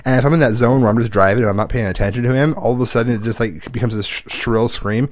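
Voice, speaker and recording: Laughing dad telling kid stories. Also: male voice, lowish voice, steady tone, fast talker, no room sound. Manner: joking, laughs often, acts out his kids' voices. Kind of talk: casual chat.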